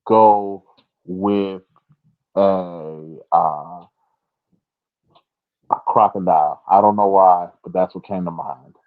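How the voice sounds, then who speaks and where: Male podcast guest, expressive storyteller who does the voices in his story, lowish voice, thin phone-like sound. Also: slow, long pauses, no echo. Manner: animated storyteller, acts out quotes in a high voice, laughs often. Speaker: wrestler guest. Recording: dry, phone-like audio.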